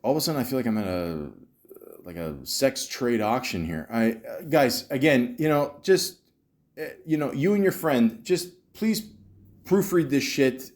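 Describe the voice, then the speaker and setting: A man's voice: mid-range voice, animated, a little slow, darkish tone. A man hosting a comedy podcast, ranting in exasperation and stammering often. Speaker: podcast host. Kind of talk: comedic commentary.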